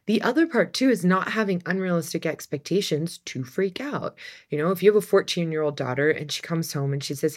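A woman with a fairly low voice chats in a podcast. She is animated and laughs often, and she leans hard on key words as she talks. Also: fairly quick. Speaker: coach. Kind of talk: casual podcast conversation.

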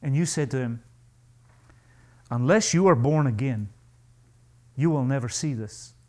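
A male pastor preaching a sermon to a congregation, emphatic and animated, acting out the voices he quotes. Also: mid-range voice, unhurried.

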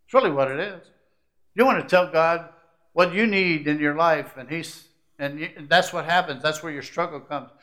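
A middle-aged man preaching from the pulpit with a somewhat high voice. He builds to loud, emphatic peaks, then drops to hushed, conversational asides to the congregation. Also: moderate pace. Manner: preachy, swings from loud climaxes to quiet asides. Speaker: pastor. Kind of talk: sermon.

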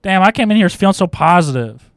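Fast, higher-voiced man who loves to argue. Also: animated, no room sound, clean studio sound. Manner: teasing, argumentative. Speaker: podcast co-host. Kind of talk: casual chat.

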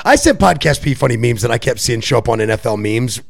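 A man's voice: medium pitch, expressive, fast talker, gravelly. A man from Puerto Rico co-hosting a podcast, chatting casually and loosely, swearing and laughing often. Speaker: podcast co-host. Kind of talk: casual chat.

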